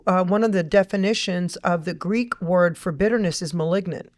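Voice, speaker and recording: A middle-aged woman hosting a faith-based podcast interview, telling stories with lively acted-out inner dialogue. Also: on the low side, moderate pace. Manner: animated storytelling, acts out her own inner dialogue. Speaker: podcast host.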